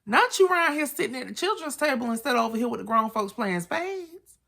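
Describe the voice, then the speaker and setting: A woman's voice: on the high side, animated, quick pace, gravelly, bright, forceful tone. Sassy woman telling a bedtime story. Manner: sassy, chatty, side-eyeing asides. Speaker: storyteller host. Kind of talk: casual true-crime bedtime storytelling.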